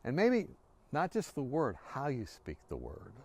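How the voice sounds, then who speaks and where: A man giving an earnest devotional talk, telling a story from his workplace and often dropping to a hushed, quiet voice. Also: mid-range voice, huge pitch swings, unhurried. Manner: earnest, sinks to a hushed near-whisper. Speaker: devotional speaker.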